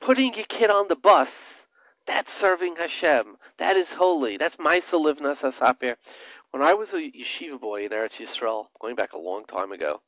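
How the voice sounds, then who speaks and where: A man's voice: mid-range voice, animated, fairly quick, no echo. A middle-aged man, a rabbi, telling a story in a sermon and chanting Hebrew verses, sprinkling in Yiddish words. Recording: dry, tinny phone-line radio audio.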